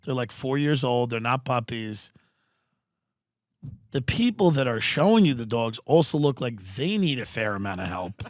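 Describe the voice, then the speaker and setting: Animated man telling comedic stories. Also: medium pitch, moderate pace, no echo, studio quality. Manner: animated, profane, mimics people in quoted voices. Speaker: podcast host. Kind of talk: comedic storytelling chat. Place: Southern California.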